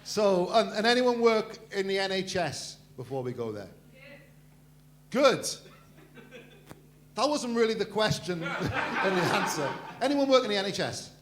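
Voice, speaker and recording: A man's voice: high-pitched, sing-song, a little slow, a little hiss or hum. A middle-aged man hosting a stand-up comedy night, joking crudely and bantering with the crowd. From Wales. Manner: cheeky, crude banter with the audience. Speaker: comedy host. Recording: echoey room.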